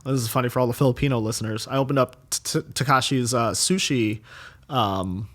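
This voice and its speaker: A man in his thirties, a chef guest on a podcast, talking casually and rambling with many fillers and quick laughs. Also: mid-range voice, a bit bright. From United States.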